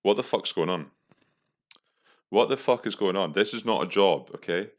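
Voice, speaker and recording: A man's voice: deep voice, moderate pace. A young man hosting a podcast, reacting to adverts in a profane, incredulous, mocking way. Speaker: podcast host. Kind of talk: casual commentary.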